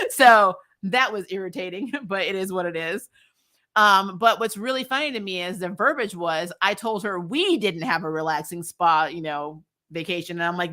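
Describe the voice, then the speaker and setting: Animated, bright-voiced woman recapping a show. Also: fairly high pitch, normal speed. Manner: animated and snarky, acts out characters' lines with laughs. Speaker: TV episode reviewer. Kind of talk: casual spoilery recap.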